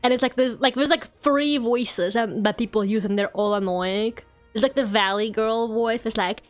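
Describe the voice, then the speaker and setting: A woman's voice: on the high side, normal speed, few pauses, faint music behind. A young woman streaming a game, chatting casually and ranting with lots of "like"s. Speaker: VTuber streamer. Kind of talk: casual live-stream chat while gaming.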